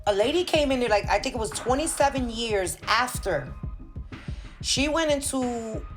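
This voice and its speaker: A woman in her forties giving a heated, profane opinion rant as a vlogger, dropping in Spanish words. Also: medium pitch. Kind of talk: ranting opinion monologue.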